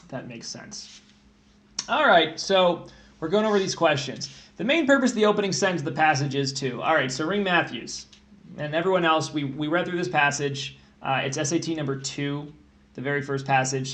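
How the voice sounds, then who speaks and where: A man's voice: a little high, fairly bright tone. A man tutoring test prep on a livestream, joking and thinking aloud while he reads through questions.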